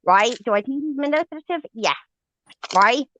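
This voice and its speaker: A high-pitched, animated woman hosts a livestream and rants in anger, swearing emphatically at normal speed in a somewhat bright voice. The recording is dry and the stream audio dull and lo-fi.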